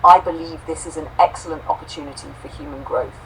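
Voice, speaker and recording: A woman's voice: low-pitched, steady tone, fast talker, far from the mic, slight background noise, rough recording. A woman voicing a polite, dignified male robot executive assistant who turns down chores in formal, dry phrasing.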